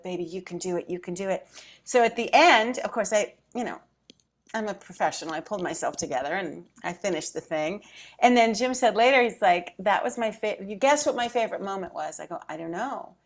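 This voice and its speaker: A middle-aged woman telling a personal story in a casual chat, acting out her own thoughts and choking up at times. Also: mid-range voice. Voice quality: emotional, close to tears at times. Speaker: podcast co-host.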